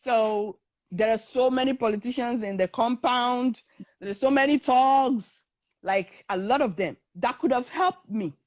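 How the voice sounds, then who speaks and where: A young woman recounts her story in a lively, conversational way, switching into the voices of the people she quotes. Her voice sits a little high for a woman. The recording is close and dry, with no room sound. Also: unhurried, dry recording, highs cut off. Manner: animated, acts out the voices of others in her story. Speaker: guest telling her story. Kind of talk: casual storytelling.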